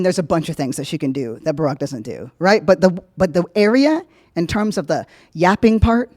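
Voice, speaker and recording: A woman hosting a podcast, giving casual political commentary in a jokey, profane way, swinging from loud emphasis to low asides. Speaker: podcast host.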